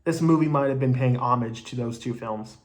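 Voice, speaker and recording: A man talks through a movie review in a loose, rambling way, leaning on fillers like "you know" and "like." He speaks bluntly and swears now and then, in a voice of ordinary middle pitch. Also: brisk. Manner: blunt and casually profane. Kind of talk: casual spoken movie review.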